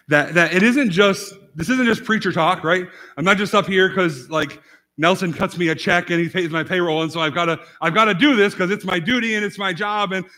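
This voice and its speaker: Male pastor, fairly high bright voice, chatty sermon full of restarts and "right?", quiet asides breaking into loud bursts. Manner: rambling, repeats words and restarts often, fillers like "like" and "right?"; swings from quiet asides to sudden loud emphasis. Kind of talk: casual conversational sermon.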